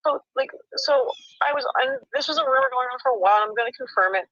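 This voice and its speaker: A woman's voice: high-pitched, huge pitch swings, quick pace, hardly any pauses, fairly bright tone, no room sound, highs cut off. A woman guest on a livestream who explains herself in an emotional, rambling way with a pleading edge. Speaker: livestream guest, volunteer dog handler.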